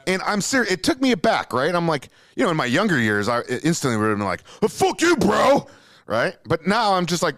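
A man hosting a casual podcast, telling a story with lots of swearing. His pitch rises and falls a lot as he acts out what people said. The sound is close and dry, with no room around it. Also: fast talker, hardly any pauses, no echo. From Minnesota. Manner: animated, profane, jumps into acted-out quotes. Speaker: podcast host.

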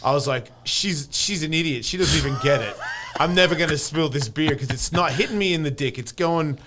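A man's voice: on the high side, a little fast, background noise. A man telling rowdy, profane party stories with lots of laughter in a casual podcast chat. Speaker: guest storyteller.

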